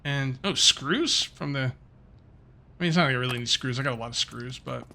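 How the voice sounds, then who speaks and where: A middle-aged gaming video host rambles casually while playing a survival game, thinking aloud and muttering to himself. His mid-range voice is creaky with a sharp edge, and he speaks at a normal speed.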